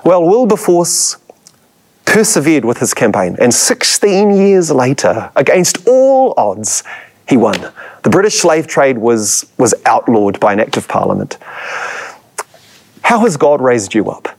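A man's voice: medium pitch, sing-song, a little slow, husky. A man, a church history lecturer, preaching a sermon with dramatic emphasis and rhetorical questions put to his listeners.

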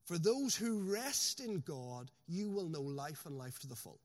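A man preaching a sermon in a raised, fairly high voice. He presses his points home, dropping to a slow, deliberate pace on the lines that matter. His words ring out with a long reverb, as in a large church hall. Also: sing-song. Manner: emphatic preaching, slows sharply on key phrases. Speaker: pastor.

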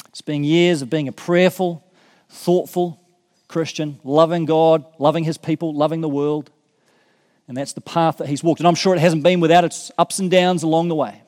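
Earnest man preaching in a hall. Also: fairly high pitch. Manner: earnest, emphatic preaching with rising excitement. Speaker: pastor. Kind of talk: sermon. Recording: long reverb of a hall.

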